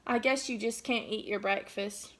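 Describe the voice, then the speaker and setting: A woman putting on a gruff biker tooth fairy. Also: a little high, steady tone, moderate pace, pitched below the performer's own voice, natural voice. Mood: brash.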